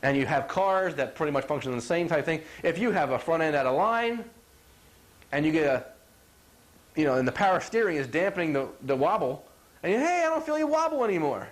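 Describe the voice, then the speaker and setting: Man, high voice, middle-aged, chiropractor, folksy health talk, acts out little voices, keeps asking "you follow?". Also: brisk. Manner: animated, acts out quotes, asks "you follow?".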